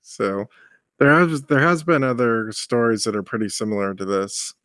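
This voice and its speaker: Animated man co-hosting a podcast. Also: medium pitch, normal speed, no echo, clean studio sound. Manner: animated, builds long run-on explanations. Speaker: podcast co-host. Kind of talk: casual movie-review chat.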